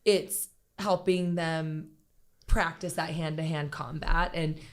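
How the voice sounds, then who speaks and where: A mother talking as a podcast guest, with quick, playful interjections. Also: low-pitched, steady tone. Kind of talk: casual chat.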